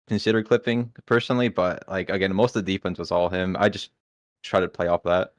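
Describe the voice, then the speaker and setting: A man's voice: deep voice, steady tone, a little fast, dry recording, studio quality. A man, a player being interviewed, answering in a modest, laid-back way. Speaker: esports player guest.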